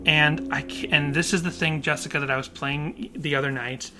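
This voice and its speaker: A man co-hosting a casual podcast, animated and puzzled, often laughing as he talks. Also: on the high side, normal speed, over music. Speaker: podcast co-host.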